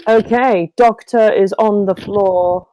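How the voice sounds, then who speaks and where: A woman's voice: mid-range voice, fairly even intonation, slow pace, mellow, a little hiss or hum, rough recording. A woman playing a tabletop game in casual chat, hesitant, with many ums and cheerful swearing. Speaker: player.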